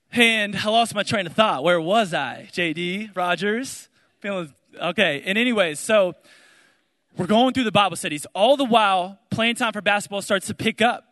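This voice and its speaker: A young man giving a spoken testimony to an audience, telling his story with lively storytelling and acting out the voices of the people in it. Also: high-pitched. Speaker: speaker sharing his testimony. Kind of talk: testimony talk to a crowd. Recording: large hall reverb.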